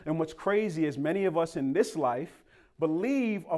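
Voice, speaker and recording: Young man, preacher, from Boston, playful storytelling sermon, a bit high-pitched. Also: normal speed. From Boston, Massachusetts. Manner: animated, playful, acts out quoted voices.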